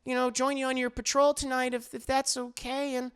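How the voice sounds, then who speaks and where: A gentle teenage girl as a man puts her on, speaking softly and coaxingly in a voice lifted well above his usual pitch. There is a gravelly texture under the softness. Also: monotone, a little fast.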